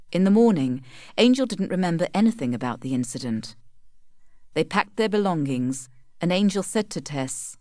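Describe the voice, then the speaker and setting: A woman reading a novel chapter aloud as narrator, in a measured, clear way. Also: sits low, a little mellow, dry recording, clean studio sound. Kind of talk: scripted audiobook narration.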